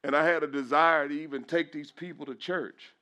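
A middle-aged man preaches in church, his voice sitting a little above the usual male pitch. He is openly emotional, his voice breaking at times. He repeats phrases and lifts his voice when he turns to praise. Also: fairly even intonation, a little fast, bright, forceful tone. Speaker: pastor.

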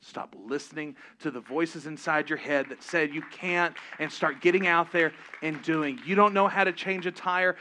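A middle-aged man preaching with passion, his voice bright and ringing, set a little high for a man. He pushes hard on his calls to action, then drops low and quiet to confess. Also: a little hiss or hum. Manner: impassioned, swings from loud exhortation to hushed confession. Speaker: pastor. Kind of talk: sermon.

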